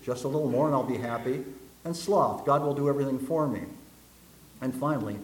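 A man preaching a sermon, telling jokes and stories and acting out the voices in them. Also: medium pitch. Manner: folksy storyteller, acts out voices in jokes. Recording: echoey room.

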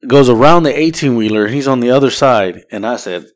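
Male podcast co-host, mid-pitched, swears freely while spinning a long casual anecdote. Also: lively intonation, fairly quick. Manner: profane, rambling anecdote-telling. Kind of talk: casual storytelling.

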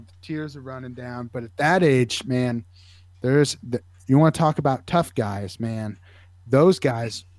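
Animated storytelling man, dry close sound. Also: no echo. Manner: animated, acts out high squeaky kid voices in his stories. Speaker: podcast co-host, sideline medic. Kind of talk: casual storytelling chat.

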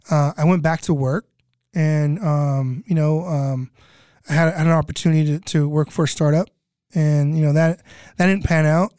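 A man's voice: on the high side, clean tone, dry recording, clean studio sound. A middle-aged man telling stories casually as a guest, rambling with lots of filler words and restarts, sometimes swearing. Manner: animated, swearing. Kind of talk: casual storytelling.

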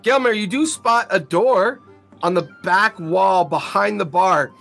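A man narrating as game master of a tabletop role-playing game, lively and laughing as he goes. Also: high voice, unhurried, creaky, faint music behind.

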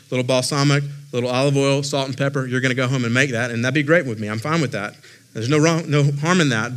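Expressive man preaching a story-filled sermon. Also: mid-range voice. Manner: expressive, conversational preaching with self-deprecating humor. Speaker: lead pastor.

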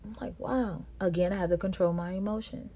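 Gravelly-voiced woman telling a personal story. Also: a little fast, dark tone, highs cut off. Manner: reenacts quarrels with raised pitch and volume. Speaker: podcast host.

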